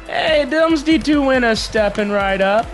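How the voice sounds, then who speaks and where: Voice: mid-range voice, expressive, unhurried, soft background music, lightly acted. A performer voicing a laid-back male island gambler who talks in thick slang. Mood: easygoing. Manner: drawling slang, easygoing.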